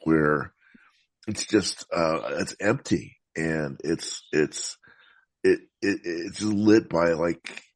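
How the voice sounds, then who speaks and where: A man talking about films as a podcast guest, in a thoughtful, meandering way with frequent halting restarts. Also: low-pitched, no room sound. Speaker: podcast guest, film critic. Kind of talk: casual film discussion.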